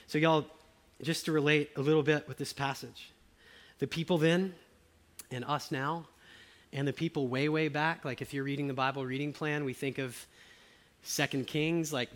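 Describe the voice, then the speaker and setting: Male preacher, somewhat higher voice, emphatic sermon delivery with repeated phrases. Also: a bit bright. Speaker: pastor.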